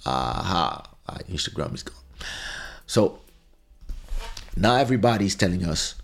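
A man talks casually into a studio microphone, in a low voice. He tells a long story with frequent restarts and quick acted-out quotes. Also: expressive, gravelly, breathy edge, faint music behind. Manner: conversational, with fillers and restarts, acting out quoted lines. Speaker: podcast host.

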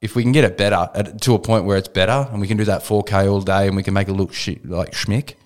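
A man with a low voice rattles off blunt, swear-laced opinions at a quick clip. He co-hosts a loose podcast chat in a small studio. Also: fairly even intonation. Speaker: podcast co-host. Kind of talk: casual chat.

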